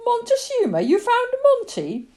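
A woman's voice: high-pitched, huge pitch swings, measured pace, pitched above the performer's own voice, full character voice. A woman reading the part of a distraught young man, asking breathless, partly whispered questions. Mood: anxious. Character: young man, distraught, fond of his cat.

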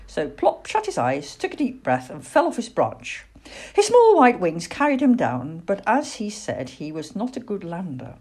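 A woman gently and expressively reading a children's storybook aloud. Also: mid-range voice, wildly swooping pitch, normal speed, husky.

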